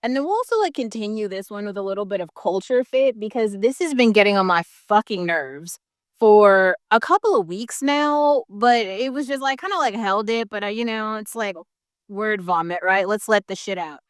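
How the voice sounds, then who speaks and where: In a casual rant to camera, a vlogger swears often, fills her heated talk with "like," and breaks into bursts of laughter mid-sentence. Her medium-pitched voice is expressive and moves at a normal speed, recorded dry with clean studio sound.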